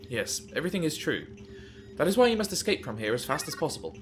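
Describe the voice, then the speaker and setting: Formal male computer AI, man voicing it, quiet, measured, earnest. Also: a little high, sing-song, slight background noise. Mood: solemn. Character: calm, earnest male computer AI of an enemy base.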